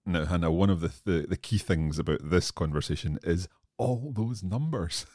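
Deep-voiced joking male lesson host. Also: normal speed, mellow, no echo, studio quality. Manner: self-deprecating, joking. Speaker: podcast host learning Swedish. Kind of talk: language lesson chat.

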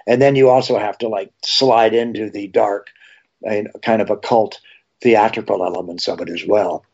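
A man, an actor and horror TV host, telling rambling animated anecdotes in a casual interview. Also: fairly low pitch, moderate pace, gravelly. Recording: slightly dull lo-fi sound.

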